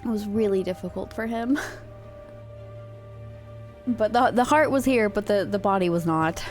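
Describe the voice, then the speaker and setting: A woman's voice: mid-range voice, unhurried, soft background music. A woman streamer chatting casually in a rambling way, laughing easily. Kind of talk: casual chat.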